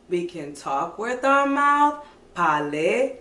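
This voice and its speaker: A woman teaching toddlers as a preschool teacher, slow, sing-song and animated, with coaxing questions. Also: fairly high pitch, roomy sound, recorded from a distance.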